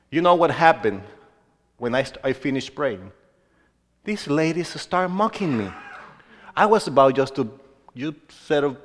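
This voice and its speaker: A man preaching a sermon as a pastor, who moves between hushed storytelling and loud, emphatic exhortation. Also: fairly high pitch, moderate pace, pauses often, a little hiss or hum. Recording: long reverb of a large hall.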